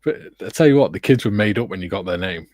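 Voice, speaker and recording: Low-voiced man telling stories. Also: lively intonation, fast talker, darkish tone. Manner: chatty storyteller, laughs at his own anecdotes. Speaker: livestream co-host reading viewer comments. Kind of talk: casual livestream chat. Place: home hobby room.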